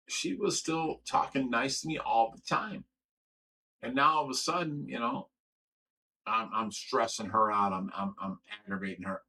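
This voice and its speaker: A man's voice: medium pitch, pushed and bright, slight background noise, poor audio. A middle-aged man hosting a livestream, reading viewer comments aloud and going on an aggrieved, profane rant, often stumbling and repeating words. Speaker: livestream host.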